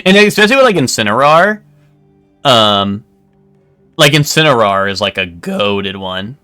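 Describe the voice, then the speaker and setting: A man's voice: lowish voice, big pitch swings, a little slow, sharp tone, clear, resonant tone, no room sound, faint music behind. A man streaming a game, chatting casually with lots of fillers and restarts. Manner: rambling, hesitant, lots of fillers. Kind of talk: casual chat while gaming.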